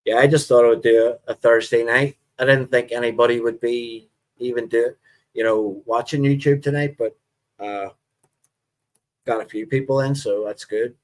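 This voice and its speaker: A middle-aged man with a Northern Irish accent, hosting a live stream and chatting casually with viewers in a relaxed, rambling way. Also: mid-range voice, normal speed. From Northern Ireland. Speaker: livestream host.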